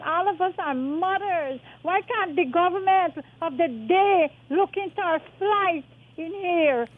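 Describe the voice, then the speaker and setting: A woman's voice: extremely high pitch, unhurried. A middle-aged woman with a Guyanese accent calling a talk radio show, distressed and pleading, calling the host son and my dear. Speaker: caller. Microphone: telephone. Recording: tinny dry phone line.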